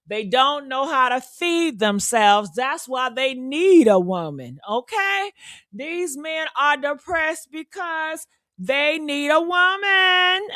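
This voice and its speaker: A woman's voice: high voice, a bit bright, no room sound, studio quality. A woman hosting reaction commentary, talking in a sassy, blunt, profane and preachy way. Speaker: commentary host.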